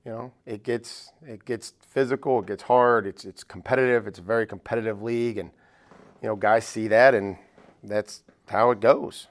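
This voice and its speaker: A man's voice: on the low side, fairly even intonation, moderate pace. A middle-aged man, a football coach being interviewed, telling rambling anecdotes full of "you know" fillers. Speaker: football head coach, guest. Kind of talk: casual interview storytelling.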